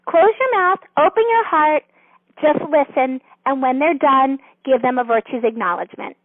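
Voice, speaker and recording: High-pitched woman, gentle and earnest, dry phone-line sound. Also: moderate pace, dry recording. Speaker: author and guest. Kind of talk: interview explaining a counseling method.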